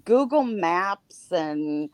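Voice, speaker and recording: A middle-aged woman on a podcast panel, telling a personal story in casual chat with halting starts and fillers. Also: on the low side, lively intonation, no echo.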